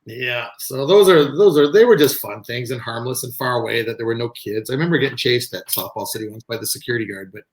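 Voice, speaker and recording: A man, a softball pitcher, telling stories in a casual interview, acting out other people's voices. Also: fast, hardly any pauses, a little hiss or hum. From Canada. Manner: animated, acts out quoted voices.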